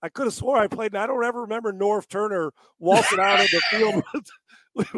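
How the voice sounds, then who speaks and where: A man's voice: high-pitched, fairly quick, noisy background. A man who trains quarterbacks, telling stories in a casual, exasperated way and swearing freely as he mocks gimmicky training. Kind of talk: casual profane storytelling.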